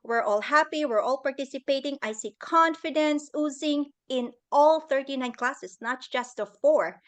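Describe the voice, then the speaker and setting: A woman's voice: high-pitched, normal speed. A middle-aged woman giving an earnest, emotional talk about leadership over a video call. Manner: earnest, emotional, acts out quoted voices. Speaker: guest speaker. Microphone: computer on a video call.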